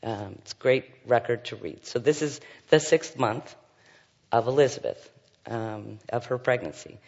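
A man's voice: mid-range voice, measured pace, creaky, a little mellow. A man leading a Bible study, reading scripture aloud and commenting with frequent fillers and asides. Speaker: Bible teacher. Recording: dull sound with long hall reverb.

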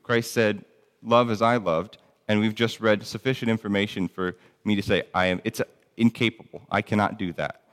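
Man, low voice, casual Bible teacher reading and explaining verses, reverberant hall. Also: steady tone, normal speed, fairly bright tone, clear, resonant tone. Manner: conversational, reads scripture aloud, frequent ums and restarts.

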